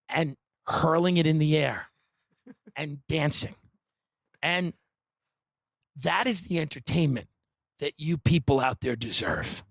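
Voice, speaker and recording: A man hosting a podcast, riffing in a sarcastic, deadpan comedic monologue full of dark satire and sudden mimicked voices. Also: fairly high pitch, vocal fry, no echo. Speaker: podcast host.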